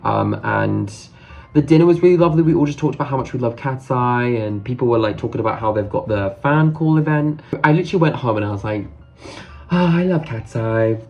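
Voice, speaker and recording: A man's voice: mid-range voice, sing-song, quick pace, darkish tone, dull audio. A man telling a story in a casual vlog, chatty and gushing, swearing casually as he goes. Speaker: vlogger.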